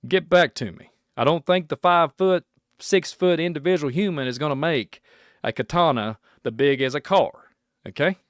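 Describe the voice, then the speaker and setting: A man's voice: on the high side, moderate pace, no room sound, studio quality. A man hosting a one-man reaction podcast, rambling in a folksy way and laughing often. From Kentucky. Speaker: podcast host. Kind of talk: reaction podcast, casual chat.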